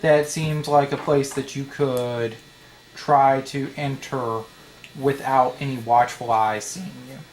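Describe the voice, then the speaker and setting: A man's voice: mid-range voice, steady tone, slight background noise. Hesitant man running a tabletop game. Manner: halting, many fillers. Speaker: dungeon master.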